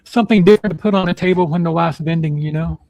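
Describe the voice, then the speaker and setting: A man hosting a casual live podcast, his voice pitched on the high side with a gravelly fry running through it. He rambles through announcements with plenty of "uh" and "you know." The sound is dry and close. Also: racing, darkish tone, no room sound, low-quality recording. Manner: rambling, filler-heavy announcements. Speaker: podcast host.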